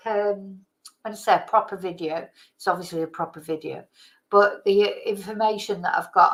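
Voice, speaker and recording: A middle-aged woman chatting on her livestream in a loose, rambling way, calling out hello to viewers by name. She sounds a little tired, and her voice sits at an everyday middle pitch. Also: fairly bright tone, poor audio. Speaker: livestream host. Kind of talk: casual live chat.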